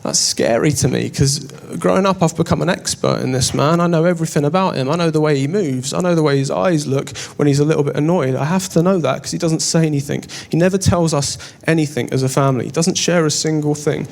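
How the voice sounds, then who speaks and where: A man's voice: on the high side, quick pace, creaky, few pauses, darkish tone. A young English man doing stand-up, telling a story on stage in a wry, self-deprecating way. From England. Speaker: stand-up comedian. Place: on stage before a live audience.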